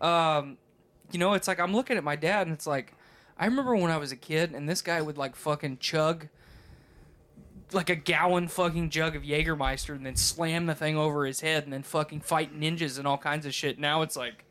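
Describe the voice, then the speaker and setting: A man's voice: a little high, fairly quick, fairly bright tone. A man co-hosting a podcast, rambling and swearing through casual chat with frequent laughter. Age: adult, has a wife. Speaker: podcast co-host.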